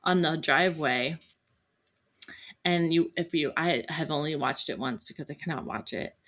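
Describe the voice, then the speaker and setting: In a low voice at an ordinary pace, a woman in her thirties narrates a story on her podcast, chatting casually. She tells it with animation, voicing each person she quotes.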